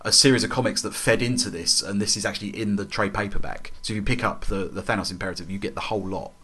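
A man's voice: fairly low pitch, fast talker, fairly bright tone, slight background noise. A young man chatting enthusiastically about comics, rambling with lots of fillers and restarts. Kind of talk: casual chat about comics.

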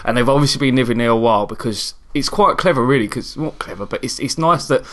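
A man chats loosely about a film he watched, circling back and restarting his sentences as he goes. His voice sits at an ordinary middle pitch. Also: quick pace, fairly bright tone. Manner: rambling, hesitant, many restarts and laughs. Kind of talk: casual chat reviewing a film.

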